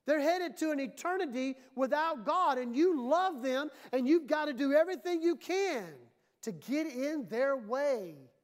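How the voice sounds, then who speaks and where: A woman's voice: sits high, lively intonation, measured pace. Emphatic woman pastor preaching a sermon. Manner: emphatic, conversational preaching that acts out quoted voices.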